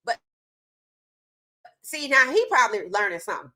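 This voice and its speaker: A woman's voice: medium pitch, animated, normal speed, fairly bright tone. Emphatic woman sports commentator. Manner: emphatic, rhetorical questions, addresses viewers directly; casual informal speech. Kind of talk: opinionated sports commentary monologue.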